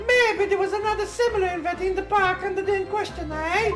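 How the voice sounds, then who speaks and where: Super squeaky whiny italian crook, echoey room, game music playing. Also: male voice, a little fast. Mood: sly. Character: shifty Italian male swindler, petulant, high-voiced. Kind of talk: visual novel voice reading.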